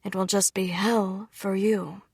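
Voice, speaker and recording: A woman reads the part of a strict noble father in a storybook, slow, measured and frank. His voice carries a gravelly, husky grain, close and dry. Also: medium pitch, little pitch movement, no room sound. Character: strict but softened noble father, middle-aged.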